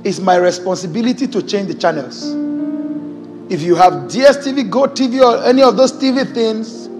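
A man's voice: high-pitched, moderate pace. A Nigerian man preaching a sermon as a pastor, exuberant and exclaiming, joking with the congregation. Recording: hall reverb with faint music.

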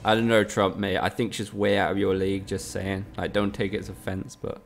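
Casually commentating on his live game stream, a man from the UK trades sweary, teasing jokes with his chat. He sounds low-pitched, level, brisk, and creaky, with a little background noise.

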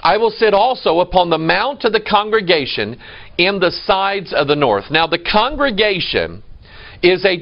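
A man's voice: fairly high pitch, highs cut off. A man preaching a sermon in a church, emphatic and quoting scripture. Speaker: pastor.

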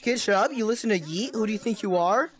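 A woman's voice: medium pitch, fast. A young woman trash-talking other players in game voice chat, repeating taunting, mock-tough insults. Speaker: gameplay streamer.

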